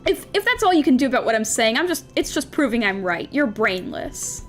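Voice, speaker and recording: A woman's voice: fairly high pitch, very animated, a little fast, faint music behind. A woman reading the lines of a rude, mocking young boy bully in a dating game. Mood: sneering.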